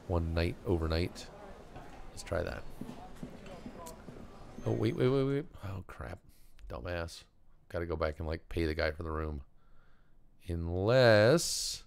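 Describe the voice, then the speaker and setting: Gravelly low-voiced man muttering through a game. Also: a little hiss or hum. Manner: muttering, self-talking, wry. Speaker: gamer streaming a playthrough. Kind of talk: casual let's-play commentary.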